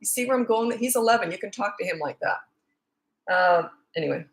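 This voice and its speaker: A woman's voice: medium pitch, animated, moderate pace. Chatty middle-aged woman in a roomy space. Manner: chatty, frank, anecdotal, full of fillers. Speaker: parenting coach. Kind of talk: casual Q&A answering viewer questions. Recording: roomy echo.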